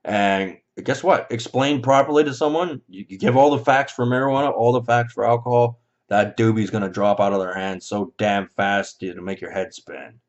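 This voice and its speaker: A man ranting in an angry, profane monologue, with sudden loud outbursts and mocking voices when he quotes others. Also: medium pitch, fairly even intonation, moderate pace, few pauses. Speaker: vlogger. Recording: dull lo-fi recording.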